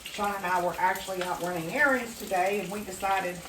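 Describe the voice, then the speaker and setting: In a roomy home kitchen, a chatty home cooking vlogger gives a casual cooking demonstration, enthusiastically talking to viewers as if they were friends. Her voice is medium-pitched and steady, a little fast, and picked up from a distance over a noisy background.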